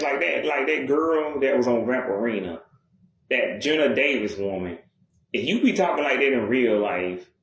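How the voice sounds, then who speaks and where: A man ranting bluntly and profanely in casual chat. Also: mid-range voice. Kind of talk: casual rant. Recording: echoey room with faint noise.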